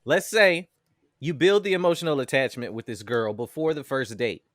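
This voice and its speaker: A man co-hosting a podcast, talking in an excitable, joking, slangy way. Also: mid-range voice, normal speed, no echo, studio quality. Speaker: podcast co-host. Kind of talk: casual chat.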